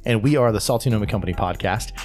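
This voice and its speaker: A man's voice: on the low side, very fast, a little mellow, faint music behind. A man hosting a podcast, retelling a news story in casual chat and laughing often. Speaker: podcast host.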